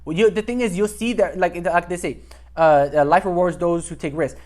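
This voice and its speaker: A man's voice: high-pitched, steady tone, brisk, darkish tone. A young man giving casual dating advice to camera, rambling and repeating himself as he acts out bits of dialogue.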